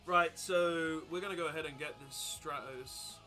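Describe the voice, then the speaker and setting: A young man chatting casually while streaming a card game, rambling and breaking into loud excited outbursts. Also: a little high, moderate pace, soft background music. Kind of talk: casual live-stream commentary while playing.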